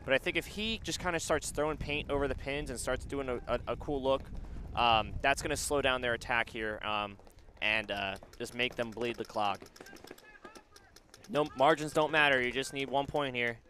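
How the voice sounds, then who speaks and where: A man's voice: medium pitch, moderate pace, bright, forceful tone, a little hiss or hum. A man commentating a live paintball match in a casual, joking way, with ums, his voice a little worn. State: losing his voice.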